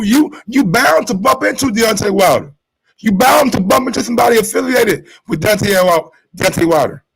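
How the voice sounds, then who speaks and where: A man's voice: high voice, gravelly, fairly bright tone, slightly rough, low-quality recording. A man hosting a sports talk show, commenting in a loose, fired-up way with plenty of swearing, often repeating words as he gets worked up.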